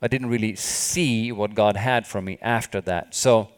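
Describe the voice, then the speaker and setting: A man's voice: on the low side, fairly even intonation, unhurried, smooth. A man preaching a sermon with fervor, often stopping to say hallelujah. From not from the country where he studied. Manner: fervent, repeats hallelujah often.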